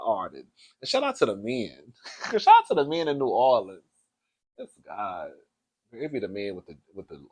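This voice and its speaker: A man chatting casually to his viewers, campy and playful, full of laughs and calling everyone girl and baby. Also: fairly high pitch. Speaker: vlogger. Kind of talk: casual chat to camera. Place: hotel room.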